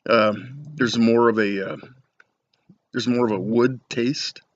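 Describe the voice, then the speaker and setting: Taking it slowly in a steady, medium-pitched voice, a middle-aged man reviews cigars to camera in a rambling, jokey, self-deprecating way. The sound comes from a dull lo-fi home setup with a bit of faint noise.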